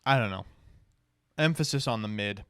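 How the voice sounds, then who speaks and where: A man's voice: fairly low pitch, moderate pace, a bit bright, clear, resonant tone, no echo, clean studio sound. A man streaming, casually reading card game rules aloud and reacting with wry, sighing remarks.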